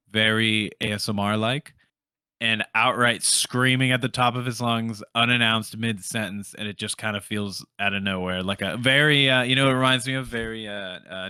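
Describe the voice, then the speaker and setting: A man co-hosting a film podcast, talking casually in a halting way, often searching for words. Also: fairly low pitch, fairly even intonation, bright, forceful tone, clean tone, no room sound, studio quality. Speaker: podcast co-host.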